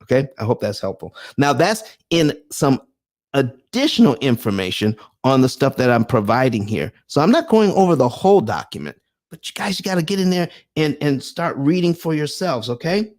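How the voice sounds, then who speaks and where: A middle-aged man hosting a livestream, reading documents aloud and answering viewers' comments with an animated, preacher-like call and response. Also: medium pitch, normal speed. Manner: reads documents aloud, then explains. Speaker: livestream host.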